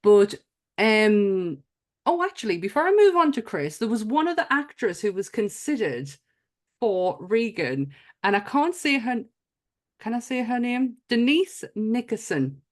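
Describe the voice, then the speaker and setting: A woman's voice: a little high, big pitch swings, a little slow. A woman from England co-hosting a film podcast in casual chat, swearing now and then and often restarting her sentences. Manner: chatty, swears, trails off and restarts. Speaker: podcast co-host.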